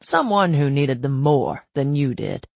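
A woman voicing a kindly old grandfather speaking in a low, soothing way. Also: big pitch swings, a little slow, vocal fry, a little mellow, no echo, full character voice. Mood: comforting. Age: older.

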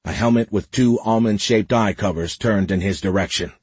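A man narrating an audiobook in a steady, measured storytelling voice. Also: lowish voice, husky, no room sound. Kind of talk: scripted narration.

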